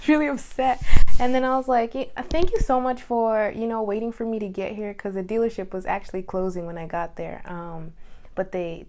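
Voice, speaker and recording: A young woman vlogging in casual storytelling, chatty and animated, with lots of fillers and quoted asides. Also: on the low side, slight background noise.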